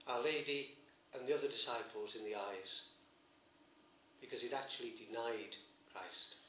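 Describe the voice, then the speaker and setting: A man's voice: medium pitch, normal speed, a little hiss or hum. Man preaching in an echoey church. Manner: gentle storytelling, emphatic repetitions. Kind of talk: sermon.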